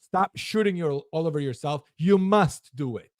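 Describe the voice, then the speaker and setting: A man's voice: on the high side, animated, normal speed, darkish tone, no room sound, clean studio sound. A man hosting a livestream, giving an emphatic, preachy motivational talk and acting out inner voices. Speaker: host.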